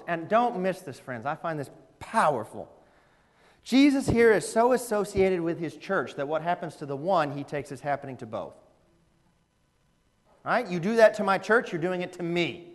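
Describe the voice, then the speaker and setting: A man preaching a sermon in a church, animated and conversational, often laughing and asking the audience questions. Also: high voice. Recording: echoey hall reverb.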